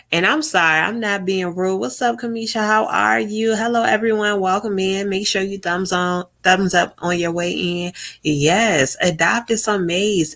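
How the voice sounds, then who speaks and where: Blunt, animated woman streaming live. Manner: blunt, profane, animated, swoops up in pitch. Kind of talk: casual live-stream chat.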